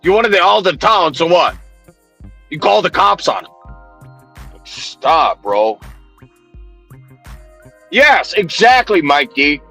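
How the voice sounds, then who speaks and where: Profane, mocking male streamer, high and lively. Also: takes it slowly, long pauses, faint music behind. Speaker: livestreamer. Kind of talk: heated livestream rant, greeting chat.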